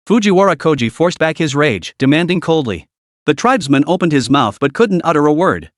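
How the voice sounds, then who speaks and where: An audiobook narrator reads scripted material in a male voice with a lively pitch. He moves fairly quickly, and the sound is dry and close.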